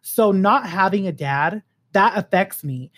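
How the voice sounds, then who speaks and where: A man in his late twenties telling a personal story in a casual, animated way, swearing freely and acting out the other people's lines. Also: sits high, unhurried. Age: late 20s. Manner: animated, profane, acts out quoted voices.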